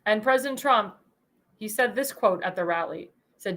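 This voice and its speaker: A woman's voice: mid-range voice, normal speed, fairly bright tone. A woman hosting a political commentary show, speaking in an indignant, emphatic way and repeating phrases for emphasis. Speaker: host.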